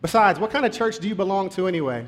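A man's voice: sits high, animated, fast. A man preacher voicing a blunt, streetwise middle-aged diner cook in a told story. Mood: surprised.

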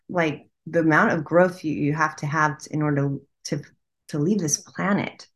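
A woman talking earnestly in a casual conversation, often restarting and repeating her words. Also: low-pitched. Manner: earnest, halting, repeats herself.

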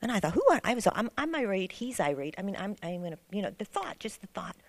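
A woman's voice: mid-range voice, sing-song, quick pace, dry recording. A middle-aged woman earnestly telling a rambling personal testimony in a church class. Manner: rambling, earnest storytelling with restarts. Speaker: class member sharing a testimony.

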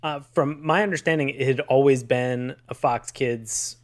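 Male podcast host, mid-range voice, upbeat and animated, casual chat. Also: mid-range voice, a little slow. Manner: upbeat, animated delivery with chuckles.

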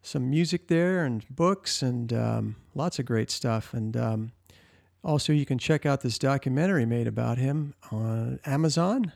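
A man's voice: medium pitch, a little slow, vocal fry, darkish tone, no echo, clean studio sound. A man hosting a casual interview who gives short, supportive replies and talks to listeners directly. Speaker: interview host.

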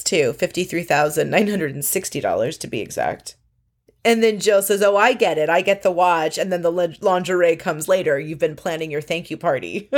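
A woman casually recapping a show, chatty and sarcastic, mimicking the people she quotes. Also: fairly low pitch. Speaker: podcast host recapping a reality show.

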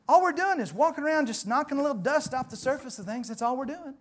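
A man, preaching a sermon in church in a folksy, conversational way that swells louder on emphatic points. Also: extremely high pitch, quick pace, hardly any pauses. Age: 40s. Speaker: pastor.

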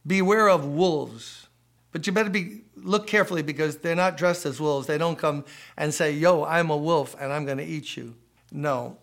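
A man preaching a sermon for a podcast aimed at church leaders, his voice sitting slightly high for a man. He drives points home by repeating phrases and tossing out rhetorical questions in a conversational, emphatic way. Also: vocal fry. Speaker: pastor.

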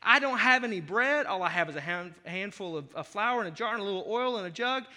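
A man voicing an angry, destitute widow and single mother who shouts out her indignation. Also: sits high, lively intonation, quick pace, in a large hall, full character voice. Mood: furious.

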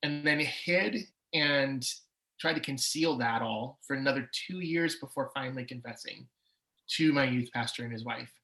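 A man's voice: mid-range voice, normal speed, pushed and bright, low-quality recording. A man in his forties, a podcast guest, telling his personal story with candor and swings of emotion. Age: 40s. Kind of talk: personal testimony in an interview.

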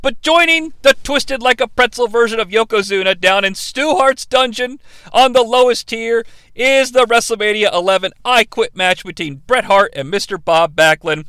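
Brief: high, crisp man in his thirties, sarcastic podcast host on a dry close mic. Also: moderate pace, bright, forceful tone, no room sound. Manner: playful, sarcastic, jumps into impressions. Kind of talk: comedic wrestling review podcast.

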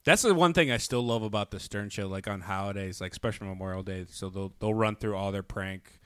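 A man's voice: fairly low pitch, fairly quick, clear, resonant tone, no room sound, studio quality. A man co-hosting a podcast, chatting casually and telling funny stories with a laugh. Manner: animated storyteller, laughs while telling jokes. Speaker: podcast co-host. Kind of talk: casual chat.

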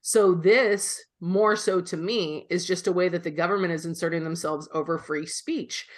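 A woman's voice: fairly low pitch, a bit bright. A woman co-hosting a podcast, talking politics in a blunt, profane, opinionated way. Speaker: podcast co-host. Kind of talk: casual political chat.

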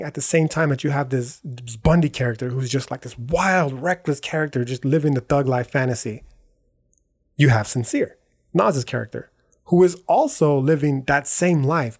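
A man's voice: medium pitch, darkish tone. A man hosting a podcast in a casual, slangy monologue, profane and rambling, checking in with "right?" and "dog" as he goes. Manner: rambling, self-correcting. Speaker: podcast host.

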